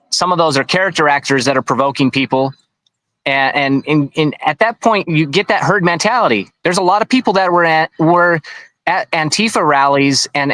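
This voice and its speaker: A man's voice: a little high, a bit bright, no echo, rough recording. A man being interviewed, recounting events in a rambling, conversational way with frequent restarts. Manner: rambling, with many restarts and asides. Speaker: interview guest.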